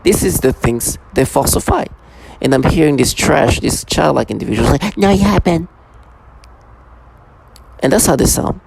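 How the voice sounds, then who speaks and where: A man talking to camera in a rambling personal monologue, halting often, restarting his sentences and leaning on repeated fillers. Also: medium pitch, expressive, gravelly, slightly rough. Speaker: vlogger.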